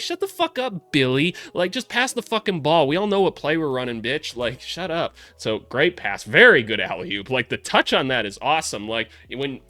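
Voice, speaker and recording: A young man breaking down basketball film in casual, profane, excitable commentary, joking and shouting at big plays. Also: mid-range voice.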